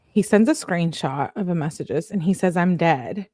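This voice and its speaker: Female true crime vlogger, lower voice, reads texts fast with sarcastic asides; dry, close sound. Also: animated, mellow, dry recording. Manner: quick, sarcastic asides between read-out texts. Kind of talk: reading text messages aloud with commentary.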